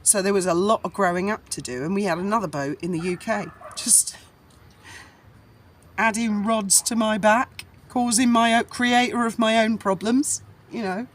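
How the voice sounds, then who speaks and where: A woman's voice: medium pitch, moderate pace, a little hiss or hum. Middle-aged woman, rambling chatty storyteller, blunt, casual swearing, vlog outdoors in a breeze. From England. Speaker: vlogger.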